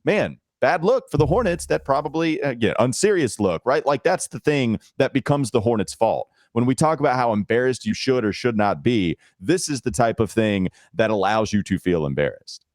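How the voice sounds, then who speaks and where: A man's voice: medium pitch, lively intonation, normal speed, hardly any pauses, dry recording, studio quality. A man hosting a casual sports podcast, teasing his co-host and laughing often.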